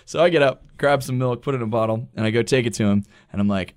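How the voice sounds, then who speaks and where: A man in his thirties co-hosting a podcast, telling a story in a casual, animated way, acting out quoted voices and swearing freely. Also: medium pitch, fast talker, few pauses. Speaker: podcast co-host. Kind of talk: casual storytelling among friends.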